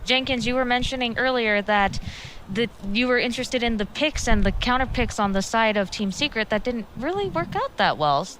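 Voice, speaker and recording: A woman's voice: a little high, expressive, moderate pace, fairly bright tone. A woman hosting an esports panel, chatting casually and leading the questions in an upbeat way. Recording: background noise.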